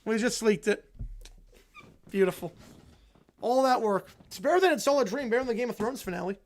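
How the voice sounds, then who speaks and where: A man hosting a casual livestream and rambling through jokes and answers to chat. His voice sits high for a man and carries a lot of bounce. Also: brisk. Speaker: livestream host.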